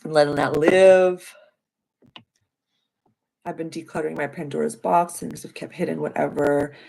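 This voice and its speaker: Her voice sits low and creaky, a little mellow, with fairly even intonation and a moderate pace. She's a young woman tarot reader doing a casual live-stream reading, talkative and affirming, using spiritual phrasing and lots of "like," captured on a low-quality recording.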